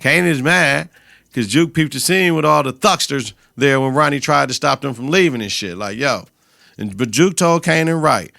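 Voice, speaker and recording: Male podcast host with a bright, edgy voice, casual and profane, recorded dry and close. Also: medium pitch, normal speed, creaky, no echo. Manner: loose, slangy, profane storytelling. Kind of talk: casual episode recap.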